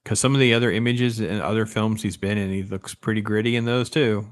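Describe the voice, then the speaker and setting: A man hosting a casual movie review chat, rambling and animated, often trailing off and restarting. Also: fairly low pitch, brisk. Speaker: podcast host.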